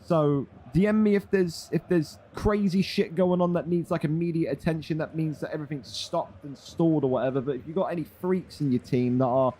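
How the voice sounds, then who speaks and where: A man's voice: a little high, fairly quick, hardly any pauses, mellow, a little hiss or hum. A young man chatting casually on a live stream, running a gaming league. He is blunt and swears freely.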